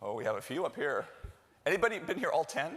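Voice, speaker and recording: A man's voice: on the high side, very animated, fast talker, fairly bright tone, breathy edge. A middle-aged man giving a chatty live conference welcome, joking and quizzing the audience. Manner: jokey, chatty, works the crowd with questions. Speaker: executive director giving opening remarks. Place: large hall with live audience. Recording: long hall reverb.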